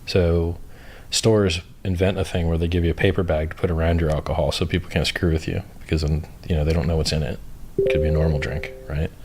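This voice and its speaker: A man's voice: low-pitched, flat delivery, fast talker, darkish tone, a little hiss or hum. A man hosting a livestream, chatting casually in a blunt, opinionated way with frequent swearing. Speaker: livestream host. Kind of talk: casual chat.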